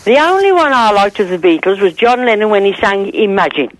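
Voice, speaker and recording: A woman's voice: mid-range voice, big pitch swings, a little fast, no room sound, poor audio. A woman on a radio phone-in, chatting earnestly. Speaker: caller. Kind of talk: phone-in chat.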